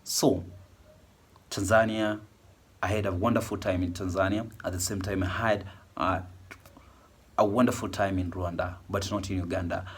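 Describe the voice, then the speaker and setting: Husky-voiced man with a cold. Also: low-pitched, steady tone, normal speed, long pauses. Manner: rambling, chatty, with many fillers. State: has a cold, voice worn. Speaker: vlogger. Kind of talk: casual chat to camera.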